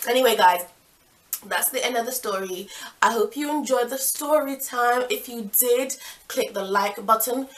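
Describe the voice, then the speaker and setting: A young woman tells a casual storytime vlog in a chatty, animated way, now and then jumping into loud outbursts. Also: fairly high pitch, normal speed. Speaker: vlogger.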